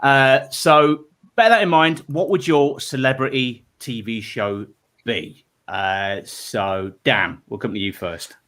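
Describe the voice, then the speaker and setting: A man's voice: medium pitch, slow pace, fairly bright tone. A man hosting a comedy panel show, giggly and rambling as he banters with his guests. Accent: English.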